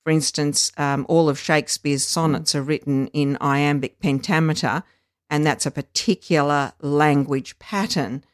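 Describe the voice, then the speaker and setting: Educator, mid pitch, unhurried teacherly explainer, close dry mic, occasional ums. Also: steady tone, no echo. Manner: measured, teacherly, frequent ums and uhs. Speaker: literacy educator. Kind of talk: explanatory podcast chat.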